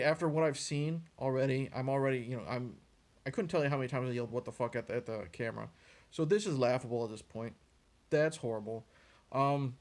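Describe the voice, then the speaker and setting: A man with a slightly high voice, talking fast and loose in a casual movie rant. He is sarcastic and exasperated, swears freely and mocks what he watched. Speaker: movie reviewer.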